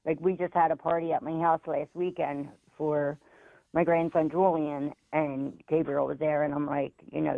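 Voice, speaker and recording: A woman's voice: deep voice, steady tone, moderate pace, gravelly, dry recording. A middle-aged woman speaking as a guest caller in an interview, earnest and determined. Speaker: grieving parent, guest caller. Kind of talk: emotional interview talk. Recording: tinny phone line, dry.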